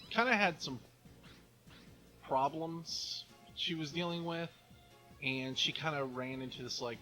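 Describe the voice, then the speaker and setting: A man co-hosting a let's play, telling a story in a halting way with many fillers and restarts. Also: mid-range voice, sharp tone, poor audio. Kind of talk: casual gaming chat.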